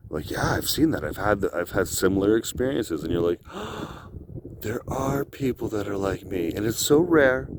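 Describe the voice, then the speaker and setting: Against background noise, a man with a fairly low voice talks to camera from an icy cliff edge outdoors. It's a loose, rambling solo vlog, with frequent swearing and laughter between thoughts.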